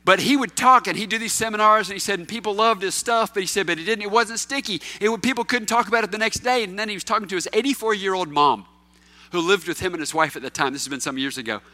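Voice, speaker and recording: A man preaching a sermon to his congregation, swinging between loud emphatic questions and quiet low asides. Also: quick pace. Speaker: pastor.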